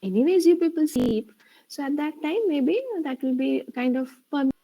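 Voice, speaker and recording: A woman's voice: high-pitched, normal speed, mellow, a little hiss or hum, poor audio. A woman teacher, explaining a spoken lesson and checking in often with "okay" and "right". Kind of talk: online spoken English lesson.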